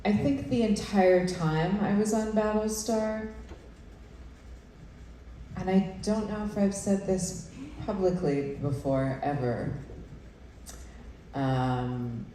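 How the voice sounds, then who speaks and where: A woman on a convention panel, speaking hesitantly with many pauses and fillers. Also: mid-range voice, dark tone, a little hiss or hum. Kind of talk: candid panel talk. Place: large convention room. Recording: echoey hall from far off.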